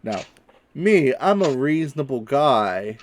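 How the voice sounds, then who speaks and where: A man's voice: mid-range voice, big pitch swings, slow pace, a little hiss or hum, voice pushed up. A man playing a nervous, wheedling gambler. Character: smooth-talking nervous male gambler.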